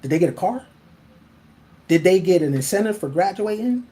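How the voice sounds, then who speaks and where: Male host, blunt and profane, animated casual monologue, laughs a lot. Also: high-pitched, normal speed. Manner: laughs often.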